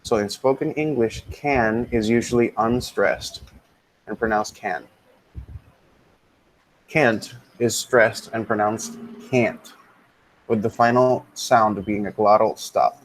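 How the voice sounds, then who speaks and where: Relaxed man teaching English grammar, fairly low. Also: slow, pauses often, slight background noise, rough recording. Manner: relaxed, thinks aloud with many ums and mutters asides. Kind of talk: casual grammar lesson, switching into Spanish.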